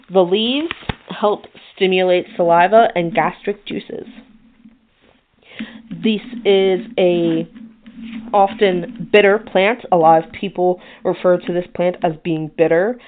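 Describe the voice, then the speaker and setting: A woman hosts a casual podcast, reading from her research notes. She is chatty and self-deprecating, and her voice sits a little low. The sound is thin and tinny, like a phone line. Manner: chatty, self-deprecating, stumbles over names. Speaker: podcast host.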